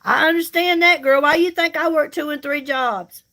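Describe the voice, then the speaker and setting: A woman's voice: sits high, moderate pace, pushed and bright. A woman, chatting casually with viewers while she does her makeup on a livestream, folksy and reassuring. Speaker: makeup livestream host and seller. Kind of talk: casual live chat while doing makeup.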